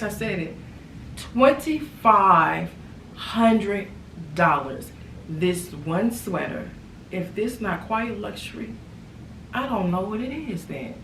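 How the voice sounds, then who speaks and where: A woman chatting in a casual haul vlog, animated and repeating phrases for emphasis. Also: medium pitch. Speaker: lifestyle vlogger. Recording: echoey room, far from mic, background noise.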